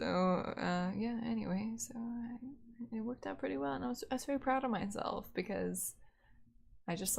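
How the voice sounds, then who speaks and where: A woman's voice: fairly low pitch, creaky. A young woman streamer telling a rambling, profane story in casual chat, full of fillers.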